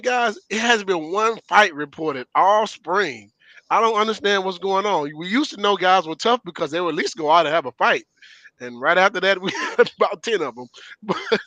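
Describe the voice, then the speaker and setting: A man's voice: high-pitched, pushed and bright, dry recording, rough recording. A middle-aged man, a former player telling stories emphatically in casual sports talk. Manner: storytelling, emphatic, laughs often. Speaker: former player and show regular.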